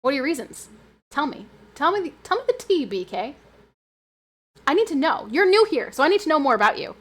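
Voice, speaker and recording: A woman streamer chatting casually with her viewers and reading their messages aloud. She is animated and giggly, with sudden high squeals. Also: a little fast. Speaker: livestreamer.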